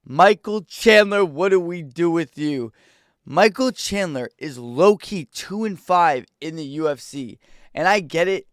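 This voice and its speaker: A young man giving a casual, excitable fight reaction, rambling in slang. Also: a little high, unhurried, no room sound, studio quality. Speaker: MMA reaction YouTuber.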